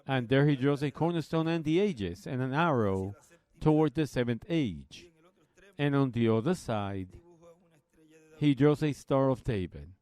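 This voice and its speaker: A man preaching a Bible study, slowly retelling a story and quoting others in a plain, folksy way. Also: mid-range voice, expressive, darkish tone, clean tone.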